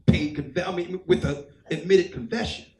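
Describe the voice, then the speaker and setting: A man with a high voice preaches a sermon, telling his own story and voicing the people in it. His voice rings through an echoey hall. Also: moderate pace, darkish tone. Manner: storytelling, acts out quoted voices. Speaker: church elder preaching. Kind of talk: sermon testimony.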